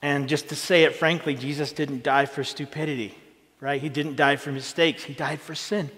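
A man preaching a sermon as a pastor, earnest and plain-spoken, rising in pitch when he presses a point. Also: fairly even intonation, normal speed, a bit bright. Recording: long hall reverb.

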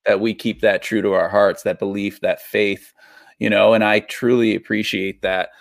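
A man's voice: fairly low pitch, level tone, moderate pace, vocal fry, no echo, clean studio sound. A man hosting an interview, giving enthusiastic praise and asking wrap-up questions. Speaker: interview host.

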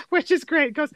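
A woman's voice: high voice, a bit bright, no echo. A woman co-hosting a podcast in casual chat, enthusiastic and laughing often. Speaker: podcast co-host.

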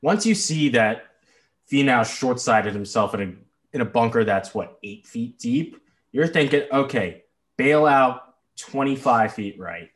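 A man co-hosting a casual sports podcast, animated and exasperated, swearing freely. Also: mid-range voice, unhurried. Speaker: podcast co-host. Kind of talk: casual chat.

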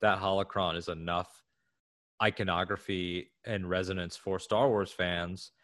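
A man co-hosting a podcast in casual chat, speaking with enthusiasm in quick bursts. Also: low-pitched, steady tone, a bit bright, dry recording, studio quality. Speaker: podcast co-host.

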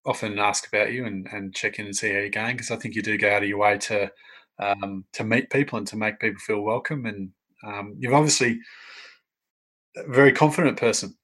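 A middle-aged man with an Australian accent, interviewing in a relaxed conversation and telling animated stories. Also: on the low side, brisk, poor audio. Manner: chatty storyteller, animated when telling anecdotes. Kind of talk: casual conversation.

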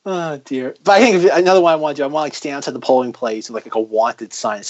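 Talking fast with few pauses, a podcast co-host from the United States with a mid-range voice chats casually and cracks jokes, rambling and restarting often. The dull, lo-fi audio captures it.

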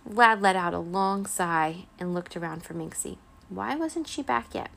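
Woman reading a children's story, gravelly voice. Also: mid-range voice, unhurried. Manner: gentle, expressive reading. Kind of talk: children's bedtime story read-aloud.

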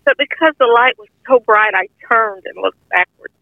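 A woman's voice: fairly high pitch, moderate pace, dry recording. An older woman earnestly telling a heartfelt personal testimony in plain, informal speech. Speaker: guest sharing a testimony. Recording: tinny phone-line audio, dry.

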